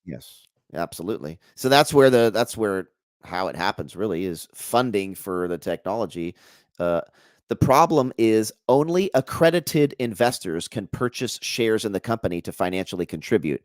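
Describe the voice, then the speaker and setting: A man being interviewed as a guest researcher in a casual chat. He talks in an animated, jokey way, trailing off and restarting his sentences. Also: on the low side, normal speed, no echo, clean studio sound.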